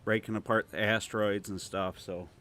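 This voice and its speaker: A man's voice: lowish voice, fairly even intonation, normal speed, a bit bright. A man with a Toledo, Ohio accent hosting a casual gameplay livestream, chatting loosely and reading viewer comments aloud. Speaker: livestream host.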